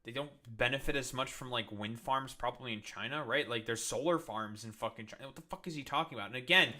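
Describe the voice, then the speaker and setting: Bright-voiced man ranting on a stream. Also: medium pitch, quick pace. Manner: heated ranting with profanity and many restarts. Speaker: streamer, political commentator. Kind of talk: live stream commentary.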